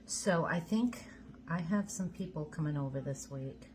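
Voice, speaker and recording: A woman's voice: low-pitched, a little slow, noisy background. A woman from Georgia, chatting folksily to her viewers in her home kitchen. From Georgia, USA. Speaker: home cooking vlogger. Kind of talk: casual chatty cooking video.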